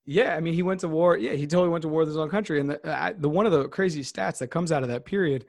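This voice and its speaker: A man's voice: a little high, quick pace, creaky, no echo, clean studio sound. A man in his thirties hosting a casual chat, rambling and thinking aloud as he talks. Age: 30s.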